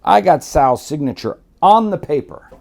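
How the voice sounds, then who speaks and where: A man's voice: a little high, lively intonation, moderate pace, creaky, darkish tone. A man from Miami telling stories in a blunt, profane, rambling way. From Miami, USA. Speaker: guest storyteller. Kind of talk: candid storytelling.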